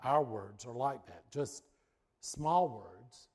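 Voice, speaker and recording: Middle-aged man, pastor, animated storyteller who moves from a comic anecdote into a sermon point. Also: mid-range voice, slow, slightly rough. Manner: lively storyteller, builds suspense then makes a point.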